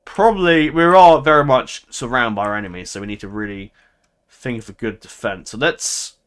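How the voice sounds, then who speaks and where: A man's voice: mid-range voice, moderate pace, fairly bright tone, clear, resonant tone. A man giving casual game commentary, chatty and prone to laughing, thinking aloud and second-guessing himself as he goes. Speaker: gameplay commentator.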